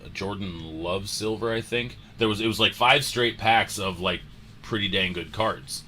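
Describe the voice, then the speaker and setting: A man hosting a sports card show, telling a story in a casual, animated way and acting out the moments. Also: fairly low pitch, normal speed, a little hiss or hum.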